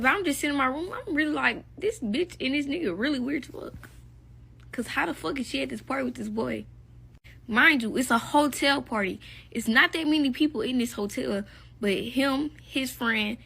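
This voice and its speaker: A woman's voice: sits high, gravelly, sharp tone, breathy edge. A young woman telling a casual story-time in a blunt, profane, gossipy way.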